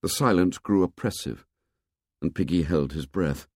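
A man narrating an audiobook with expressive storytelling. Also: low-pitched, normal speed, dry recording, studio quality. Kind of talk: scripted narration.

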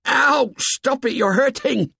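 A man's voice: on the high side, animated, a little fast, darkish tone, husky, dry recording, studio quality, pitched above the performer's own voice. A man reading aloud, voicing a small schoolboy who yelps and whines from being hurt. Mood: yelping. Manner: yelping, whiny. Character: small frightened schoolboy in pain.

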